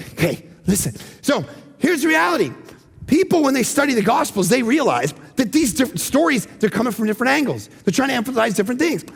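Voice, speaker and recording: A man preaching a sermon as pastor, animated, moving from shouts down to hushed, near-whispered lines. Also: high-pitched, gravelly, slightly rough, big-room sound. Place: church hall.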